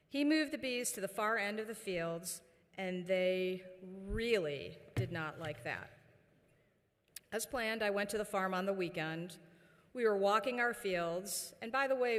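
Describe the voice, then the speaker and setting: A woman giving a commencement address as university chancellor, telling a personal story with fillers and pauses. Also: medium pitch. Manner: warm storytelling with frequent fillers. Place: large indoor ceremony hall. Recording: long reverb of a large ceremony hall.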